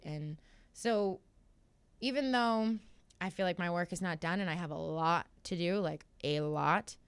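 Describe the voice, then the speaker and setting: A young woman speaks in a smooth, resonant voice pitched a little low, telling her story with open candor. The studio sound is dry and close, and she bounces into quick impressions of people she quotes. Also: dry recording. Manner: candid, animated storytelling, acts out quotes. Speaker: guest fighter. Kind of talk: casual interview chat.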